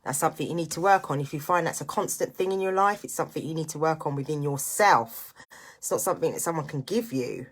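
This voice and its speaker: A woman's voice: sits low, quick pace. A middle-aged woman talking candidly to camera in a personal vlog, earnest and reflective, with motivational encouragement. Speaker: vlogger and single parent.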